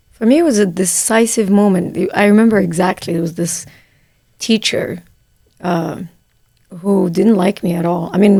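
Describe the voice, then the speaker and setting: A woman host from Morocco, telling a personal story in a relaxed, unhurried way with fillers. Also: on the low side, creaky, slightly rough, dry recording. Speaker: podcast host. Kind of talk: casual conversation.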